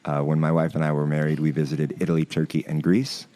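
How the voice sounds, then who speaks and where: An American man hosting a casual podcast conversation. He speaks in a very low, deep register with a warm, mellow tone. He reflects thoughtfully and backs up his guest often. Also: little pitch movement, quick pace. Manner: reflective, affirming listener. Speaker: podcast host.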